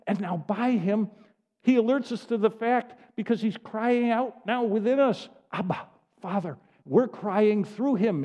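An older male pastor delivers a sermon in an earnest, repeating cadence. His voice sits high for a man. It rings with the long reverb of a large hall. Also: warm tone, muffled recording. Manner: earnest, repetitive preaching cadence.

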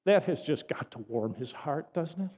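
A man delivering a sermon in an animated, conversational storytelling way with frequent asides. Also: on the high side, normal speed, breathy edge. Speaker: preacher. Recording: dull lo-fi audio with long hall reverb.

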